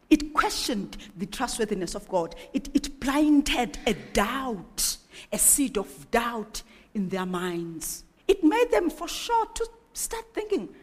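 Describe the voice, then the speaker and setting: A woman preaching a sermon, asking one rhetorical question after another with animated delivery. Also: high-pitched, takes it slowly, slightly rough. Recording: echoey hall with long reverb.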